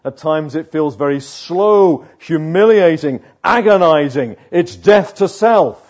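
A man preaching a sermon, slow and emphatic, with dramatic pauses between phrases. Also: a little high, lively intonation, darkish tone, lo-fi sound.

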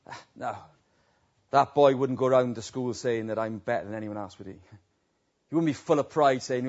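A man preaching a sermon, telling stories that swell into loud, emphatic peaks. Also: mid-range voice, normal speed. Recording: dull lo-fi recording.

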